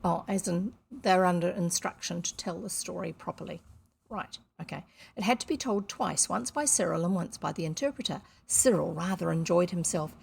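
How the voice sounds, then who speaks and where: A woman's voice: lowish voice, moderate pace, gravelly, slightly rough. A woman from New reading a children's novel aloud on camera, with chatty, self-deprecating asides. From New Zealand. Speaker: audiobook reader on video. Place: seated indoors reading at camera.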